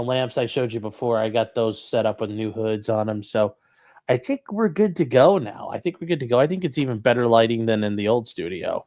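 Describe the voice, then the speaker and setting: A man's voice: medium pitch, vocal fry, a little mellow. A young man hosting a casual call-in livestream from a room at home, rambling and joking while reading chat aloud. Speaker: call-in show host.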